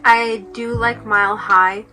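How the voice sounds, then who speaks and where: A young woman with a slightly high voice chats casually in a home vlog, filling her talk with "like". She speaks into a nearby phone or camera. Music plays clearly behind her. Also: steady tone, slow pace, sharp tone. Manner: chatty, says "like" often. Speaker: book vlogger.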